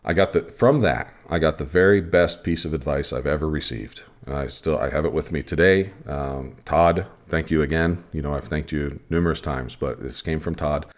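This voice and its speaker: A man's voice: extremely low pitch, moderate pace, hardly any pauses. A man hosting a podcast, telling an umpiring story casually and with energy. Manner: animated retelling of a game story.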